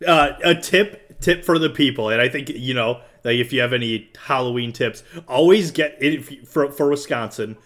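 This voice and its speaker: A man's voice: mid-range voice, moderate pace, few pauses, fairly bright tone. Easygoing young man in casual chat. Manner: easygoing, laughs often. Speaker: podcast co-host.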